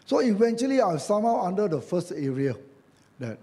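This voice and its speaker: Joking Malaysian preacher man, lively. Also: high voice, moderate pace. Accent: Malaysian English. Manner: conversational and joking, acts out quoted voices, tag questions. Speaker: church elder preaching. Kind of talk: sermon.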